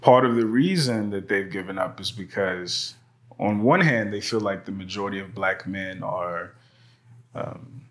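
Low-voiced man hosting a casual talk. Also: measured pace, fairly bright tone. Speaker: podcast host. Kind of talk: casual conversational interview. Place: indoor studio with white background. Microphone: lapel mic.

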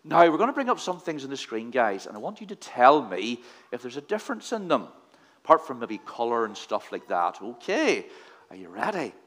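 Lively man quizzing kids in church. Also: mid-range voice, fairly quick. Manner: playful, quizzing kids with questions. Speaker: leader of a children's talk in church. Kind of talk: children's address in a church service.

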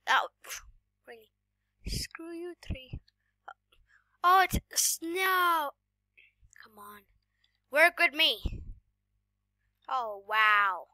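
A woman giving casual gameplay commentary while sick, coughing now and then, excitable and often dropping to a whisper. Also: very high voice, dry recording. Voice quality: voice sounds off today. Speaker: gaming YouTuber.

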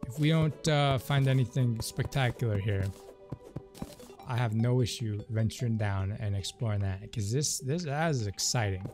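A man's voice: medium pitch, normal speed. A man giving casual, rambling commentary as he plays a video game. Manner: chatty, rambling asides. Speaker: let's play host. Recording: game music behind the voice.

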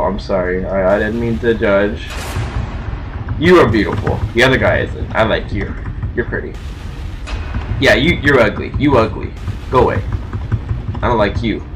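Man, jumpy let's-play self-talk, slow delivery, faint background noise. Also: medium pitch, fairly bright tone, low-quality recording. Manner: reads on-screen text aloud haltingly. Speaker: game streamer.

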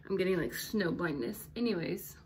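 A woman's voice: fairly low pitch, expressive, normal speed. A young woman talks to her camera from her bedroom in a loose, rambling way, full of fillers. She sounds slightly out of breath. There is a faint hum of noise behind her. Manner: rambling, chatty, many fillers. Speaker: vlogger. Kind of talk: casual vlog talk to camera. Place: bedroom at home.

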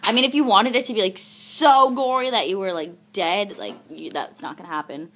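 A woman's voice: medium pitch, brisk, fairly bright tone. A young woman talking casually to her camera in a daily vlog, chatty and goofy, filling her talk with "like". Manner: chatty and goofy, full of "like" fillers, jokes around. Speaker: vlogger.

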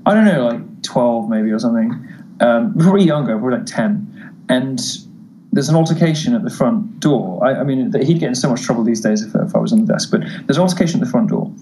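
A man with a posh British accent calls in as a talk-show guest and tells stories in a camp, theatrical manner, calling people darling during casual chat. His medium-pitched voice is warm, fast, and lively in intonation. The recording is low quality, with slight background noise.

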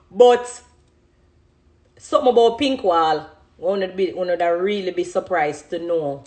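A woman's voice: fairly low pitch, measured pace. Chatty Jamaican woman live-streaming. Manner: chatty, reads out comments, animated. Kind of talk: casual live-stream chat.

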